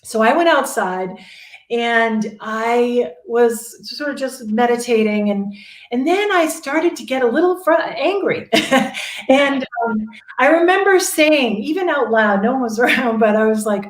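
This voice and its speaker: Animated woman storyteller, higher voice, echoey room. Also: measured pace. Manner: animated, laughing, acts out quotes. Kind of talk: casual storytelling chat. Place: Sedona, Arizona.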